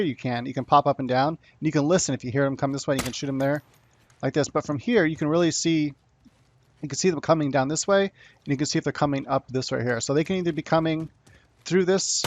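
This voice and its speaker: A man giving a casual gameplay tutorial, rambling with frequent restarts and "you know" as he explains tactics. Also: on the high side. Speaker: gaming tutorial creator.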